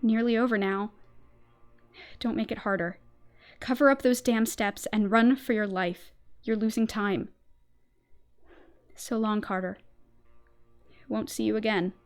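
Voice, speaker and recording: A woman reading aloud and voicing a panicked young man trapped underground, begging his friend to flee, shouting and then whispering in hopeless resignation. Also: fairly high pitch, steady tone, unhurried, pauses often, clean tone, faint music behind. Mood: hushed resignation.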